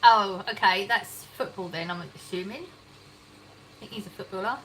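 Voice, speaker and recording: A woman with an English accent hosts a casual livestream from her home kitchen, reading chat comments out loud and laughing often. Her mid-range voice has a fairly bright tone and moves at a normal speed, though the recording quality is low.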